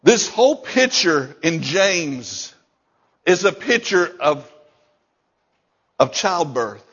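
Male pastor, sermon, high voice, slow deliberate delivery, emphatic repetition, dull lo-fi recording. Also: sing-song, a bit bright, husky. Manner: emphatic, repeats key lines, chuckles between points.

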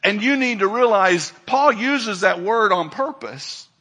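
High, husky-voiced preaching man. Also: lively intonation, unhurried. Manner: emphatic preaching, swings from loud calls to quiet asides. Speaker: pastor. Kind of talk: sermon.

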